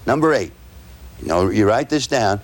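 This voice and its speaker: A man's voice: lowish voice, expressive. Man coaching a class with rhetorical questions. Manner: tags points with rhetorical "right?"; spells out words slowly. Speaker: sales trainer. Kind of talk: lecture to salespeople.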